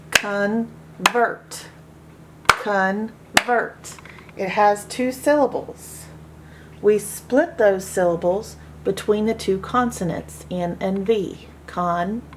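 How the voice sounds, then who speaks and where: A woman teaching a phonics reading lesson, slowly sounding out and repeating each word for practice. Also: medium pitch, heavy background noise. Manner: slow, deliberate, repeats words for practice.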